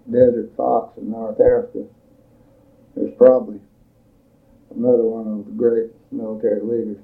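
Older man with a gravelly voice on tape. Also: fairly low pitch. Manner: plain-spoken storytelling, measured with pauses. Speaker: veteran giving oral history. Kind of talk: recorded oral history recollection. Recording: tinny lo-fi tape recording.

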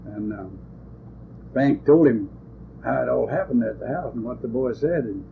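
His mid-range voice carries vocal fry and plenty of expression at a normal speed. The older man is giving an oral history interview, wandering through folksy stories of working as a lawman in ungrammatical country talk, recorded on tinny, hissing lo-fi tape.

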